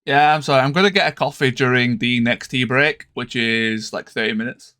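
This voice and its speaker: A man's voice: medium pitch, brisk, bright, forceful tone, clean tone. A tired man streaming a strategy game, thinking aloud with hesitant, trailing casual commentary. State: tired, yawning.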